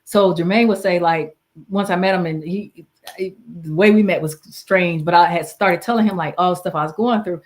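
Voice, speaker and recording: A woman's voice: fairly low pitch, normal speed. A woman casually telling a personal story, earnest and candid, often trailing off and restarting. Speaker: guest sharing her story.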